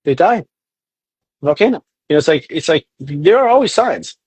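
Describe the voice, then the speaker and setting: A man with a fairly high voice talks in an animated, casual way, often slipping into quoted inner voices and the odd swear word. The sound is dry and close, with no room echo. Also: normal speed, slightly rough. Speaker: astrologer guest. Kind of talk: casual podcast chat.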